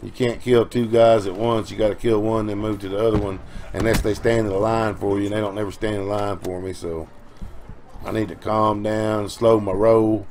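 Middle-aged man, gameplay voice-over, worn out from no sleep, rambling and cussing, lowish voice, faint hiss behind. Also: little pitch movement, darkish tone. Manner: rambling, folksy and profane, with quick outbursts. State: tired from no sleep. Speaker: gaming channel host.

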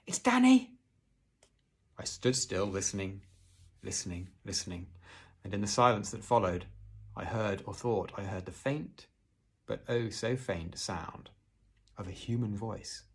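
A man reading a storybook aloud to children in a low, very husky voice. His narration is hushed and suspenseful, and he drops into easy asides to show pictures. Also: steady tone, moderate pace.

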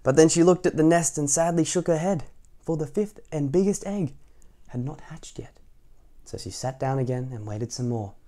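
Mellow-voiced man reading a picture book. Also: fairly high pitch, fairly even intonation, normal speed. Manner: gentle asides to young listeners. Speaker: storytime reader.

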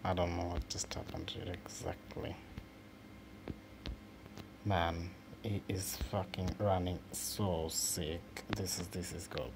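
A man hosting a mobile football game channel, giving casual, excitable commentary with swearing and halting restarts over his own play. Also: low voice, vocal fry. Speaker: gaming channel host. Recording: noisy home recording.

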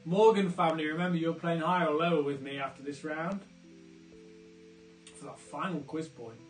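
Chatty, jokey quiz host. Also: male voice, a little high, steady tone, normal speed, echoey room, faint music behind. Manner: chatty, jokey, goes off on tangents. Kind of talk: live online pub quiz hosting.

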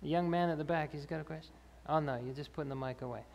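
A man's voice: a little high, steady tone, rapid-fire, creaky, darkish tone. A man answering health questions after a talk in a church hall, explaining with fillers and restarts. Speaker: health speaker. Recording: reverberant church hall, faint ambience.

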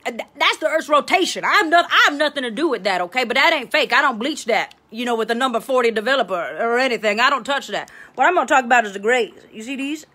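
A woman's voice: fairly high pitch, expressive, fast, hardly any pauses, sharp tone. A woman playing a bossy Louisiana advice lady. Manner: chatty, bossy, tangents, keeps asking okay. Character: brassy middle-aged Southern woman giving life advice. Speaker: host of a live advice show. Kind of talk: improv comedy livestream.

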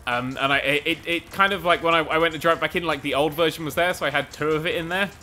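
A man commentating a video game race, excitable and sweary, rambling and mocking himself, a little out of breath. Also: on the high side, quick pace. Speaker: gaming commentator. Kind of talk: let's play commentary.

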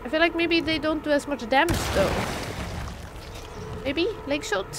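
A woman's voice: sits high, moderate pace, long pauses, very noisy. A woman streamer chatting casually and reacting aloud as she plays a game live. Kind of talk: live gameplay commentary.

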